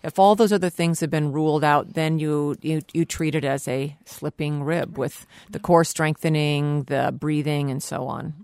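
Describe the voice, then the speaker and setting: Woman, low pitch, dry studio sound, explanatory call-in advice. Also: steady tone, a little mellow, clean tone, dry recording. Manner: explanatory, measured. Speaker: physical therapy expert guest.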